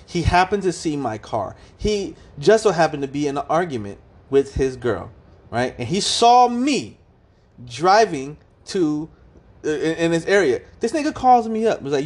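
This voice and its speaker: A man's voice: on the high side, moderate pace. A man co-hosting a casual chat, telling stories in slangy speech, swearing freely and acting out the dialogue he quotes. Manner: animated storyteller, acts out quoted dialogue, laughs often. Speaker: podcast co-host.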